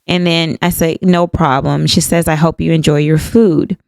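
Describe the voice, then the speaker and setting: A woman's voice: sits low, normal speed, gravelly, dry recording. Candid woman in her fifties telling a story. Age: 50s. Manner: candid, animated retelling with quoted dialogue. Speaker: podcast host. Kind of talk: personal storytelling.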